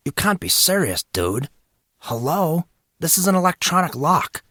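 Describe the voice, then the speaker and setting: A man's voice: fairly high pitch, very animated, a little slow, sharp tone, dry recording, studio quality, pitched above the performer's own voice, heavily acted. A man voicing a brash, cocky teenage boy who talks in a teasing, exasperated way.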